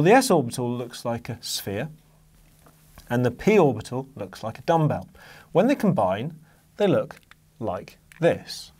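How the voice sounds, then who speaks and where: A man's voice: mid-range voice, darkish tone, breathy edge. A man teaching an exam-focused chemistry lesson, patiently walking through diagrams and leaning hard on key words.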